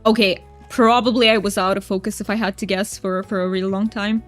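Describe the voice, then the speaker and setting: A woman's voice: mid-range voice, fairly even intonation, fairly quick, soft background music. A woman streaming a cozy game, chatting casually with her viewers and reading their messages aloud. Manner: chatty, giggly, reads chat aloud. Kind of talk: casual gameplay chat with chat.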